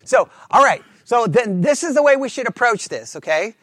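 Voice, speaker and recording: A high-pitched man leads a Bible class. He thinks out loud, restarts his sentences, and keeps asking the room whether they agree. The sound is dry and close, with almost no room echo. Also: very animated, normal speed. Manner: checks in with listeners often, asking for agreement; talks through ideas out loud with restarts. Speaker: Bible study teacher.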